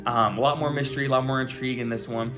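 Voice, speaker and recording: A man's voice: medium pitch, steady tone, rapid-fire, fairly bright tone, faint music behind. A young man reviewing and recapping an anime in a loose, chatty, profane style, full of fillers and asides.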